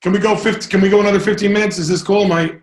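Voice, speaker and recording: An energetic male sales coach talks to a live group in a rambling way, now and then breaking into loud whoops. His voice sits fairly high for a man. The sound bounces around an echoey room. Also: racing.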